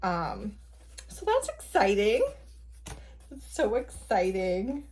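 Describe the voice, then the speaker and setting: A woman casually vlogging at home, gushing excitedly and laughing often while unboxing a gift. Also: medium pitch, takes it slowly, slight background noise. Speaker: book vlogger. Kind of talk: casual day-in-the-life vlog. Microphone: camera at an odd angle without tripod.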